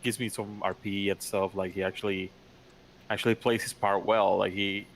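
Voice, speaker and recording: A man in casual chat, talking in a halting, hesitant way with many restarts. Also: lowish voice, flat delivery, slight background noise, rough recording. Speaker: fellow role-player.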